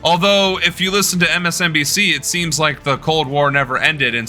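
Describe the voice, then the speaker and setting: A man's voice: a little high, fairly even intonation, fairly quick, hardly any pauses, pushed and bright, soft background music. A young man chatting casually with his live-stream audience while playing a game, loose and joking. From United States. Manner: loose, joking, talking to chat. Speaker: political streamer.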